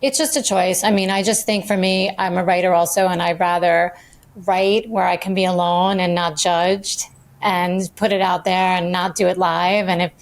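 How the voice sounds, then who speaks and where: A woman hosting a podcast, asking questions in a casual interview, frank and dry with quick asides. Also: fairly low pitch, steady tone. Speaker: podcast host.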